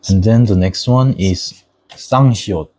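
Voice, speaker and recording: A man's voice: on the low side, darkish tone, low-quality recording. A young man whose first language is Korean, patiently explaining the Korean alphabet in a lesson. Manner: patient, deliberate, models Korean words slowly.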